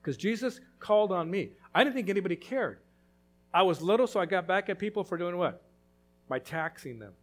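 A man's voice: sits high, lively intonation, fairly quick. A man voicing a repentant rich little male tax collector, speaking in a confessional tone.

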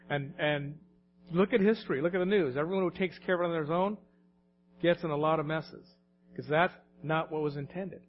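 A man's voice: on the high side, brisk, highs cut off, slight background noise. A man in his late forties or older preaching a sermon in a conversational, anecdotal way, often laughing as he talks. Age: late 40s or older. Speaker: pastor.

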